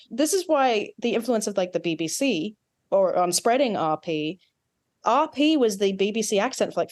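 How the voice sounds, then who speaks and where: A woman with an Australian accent touched by American sounds, a dialect coach explaining things in a podcast interview. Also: mid-range voice. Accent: Australian with some American influence. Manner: animated, explanatory, quick asides.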